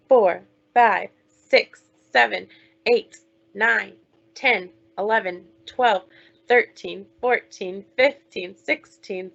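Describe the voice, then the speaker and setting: A woman teaching young children online, talking slowly in a sing-song way as she leads chants, songs and counting. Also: mid-range voice, creaky, a bit bright, dull audio. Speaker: preschool teacher.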